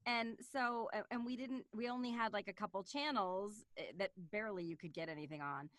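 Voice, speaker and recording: A woman voice actress chatting as an interview guest, excitable and animated, often laughing. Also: medium pitch, fairly quick, no room sound. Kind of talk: casual interview chat.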